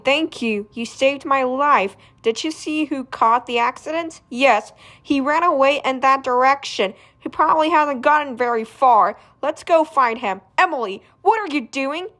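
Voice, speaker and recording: A woman reading a graphic novel aloud, doing the characters' voices and shouting the sound effects. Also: sits high. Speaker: fan reader.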